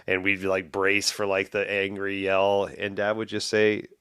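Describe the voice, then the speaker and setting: A man in his forties hosts a laid-back podcast. He talks in a profane, animated way in a lowish voice. The sound is dry and close, with no room echo. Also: a little slow, smooth. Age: 40s. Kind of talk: casual conversational podcast.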